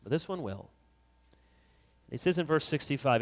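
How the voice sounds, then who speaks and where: Animated preacher in a reverberant hall. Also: male voice, fairly high pitch, moderate pace, long pauses. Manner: animated, acts out quoted voices, rising emphasis. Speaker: pastor. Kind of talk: sermon.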